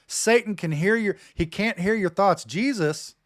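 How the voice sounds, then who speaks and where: A man's voice: sits high, unhurried, no room sound, clean studio sound. A man teaching from the Bible on his live stream in a casual, folksy way, often saying "man" and "dude".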